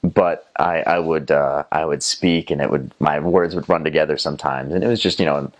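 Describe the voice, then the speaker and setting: Deep-voiced Southern American young man. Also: fairly even intonation, moderate pace. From North Carolina, USA. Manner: rambling with many fillers and restarts, mimics voices. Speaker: former missionary. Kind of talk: casual first-person storytelling.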